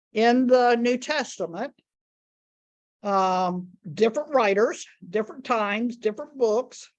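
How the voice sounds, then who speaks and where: Slow, deliberate woman teaching Bible study. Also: a little high, lo-fi sound. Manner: slow, deliberate, repeats key words for emphasis.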